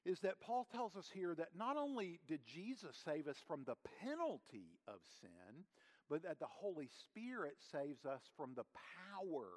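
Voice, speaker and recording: A man with a slightly high voice delivers a sermon as a pastor. He speaks earnestly and conversationally, filling pauses with little hesitations as he teaches. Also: very animated. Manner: earnest, conversational preaching with frequent fillers.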